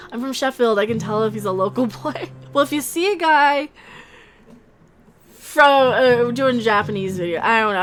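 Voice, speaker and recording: A woman hosting a casual livestream, chatting in a rambling, excitable way as she reads out and answers the chat. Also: mid-range voice, slight background noise. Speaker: livestream host reading chat.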